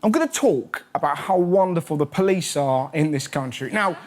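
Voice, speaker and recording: A man's voice: on the high side, lively intonation, moderate pace. A man hosting a comedy show, delivering a punchy, sarcastic stand-up monologue. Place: TV studio stage. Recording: loud studio audience laughter.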